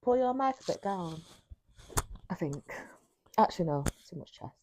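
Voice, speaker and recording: A woman's voice: lowish voice, animated, moderate pace, mellow, slight background noise. A woman with a Manchester accent, co-hosting a podcast in a giggly, playful way as she tells stories. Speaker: podcast co-host. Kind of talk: casual chat.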